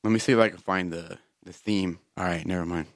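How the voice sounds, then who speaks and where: A man's voice: low-pitched, steady tone, fast, no room sound, clean studio sound. A man co-hosting a casual podcast, telling rambling stories in a laid-back way. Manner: rambling storyteller, laid-back, says dude. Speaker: podcast co-host. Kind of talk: casual chat.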